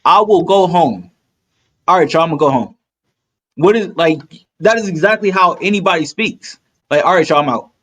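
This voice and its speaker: A man's voice: sits high, expressive, normal speed, long pauses, a bit bright. Blunt, argumentative man. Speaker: podcast host. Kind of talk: casual podcast chat.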